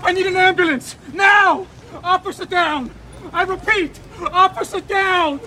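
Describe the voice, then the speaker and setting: An actor playing a hysterical police officer who shouts frantically over his dying horse, in a film clip. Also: very high voice, steady tone, unhurried, exaggerated voice, low-quality recording. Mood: frantic. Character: hysterical mounted cop mourning his horse. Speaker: film character. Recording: film clip with crowd and music.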